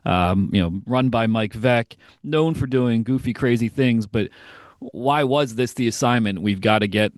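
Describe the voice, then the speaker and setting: A man hosting a baseball podcast, introducing a guest and asking questions in a relaxed, conversational way with frequent fillers. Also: mid-range voice, unhurried, no echo, clean studio sound. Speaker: podcast host. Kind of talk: casual interview podcast.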